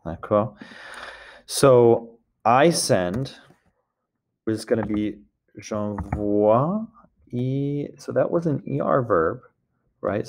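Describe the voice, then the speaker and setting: Low gravelly male French teacher. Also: slight background noise. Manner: explains step by step, often checks with "d'accord?". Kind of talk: recorded lesson walkthrough.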